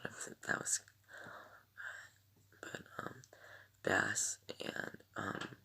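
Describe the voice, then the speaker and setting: A man chats loosely through a TV episode review, rambling with ums and sighs. His voice is bright and forward but husky, with a gravelly edge, and it swings lively in pitch. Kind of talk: casual review chat.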